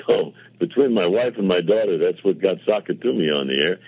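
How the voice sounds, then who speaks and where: A man's voice: low-pitched, expressive, brisk, darkish tone, husky, no echo. An older man, a television producer, telling long rambling anecdotes in a casual interview with quoted dialogue and self-mocking asides. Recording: dull lo-fi radio audio.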